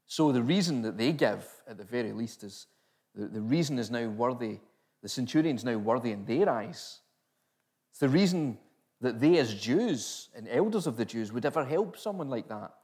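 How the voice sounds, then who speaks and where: A man's voice: medium pitch, animated, normal speed, darkish tone. Man preaching with rhetorical questions. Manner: questioning, emphatic, rhetorical repetition. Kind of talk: sermon.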